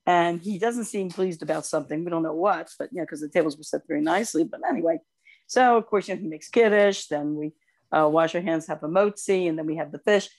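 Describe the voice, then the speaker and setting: Older woman co-host, low-pitched, casual storyteller. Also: quick pace. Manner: animated storyteller, gushing over cute animals. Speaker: podcast co-host.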